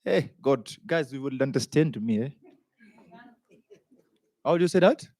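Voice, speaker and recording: A man's voice: medium pitch, expressive, a little slow, a little mellow, no echo. A man hosting a youth summit as master of ceremonies, chatty and joking as he introduces a panel and stumbles over guests' names. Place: conference hall.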